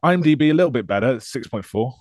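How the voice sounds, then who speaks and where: Male podcast co-host, dry close sound, sarcastic, laughing, lively pitch. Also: quick pace, dry recording. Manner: loose, laughing, sarcastic film banter. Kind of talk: casual chat.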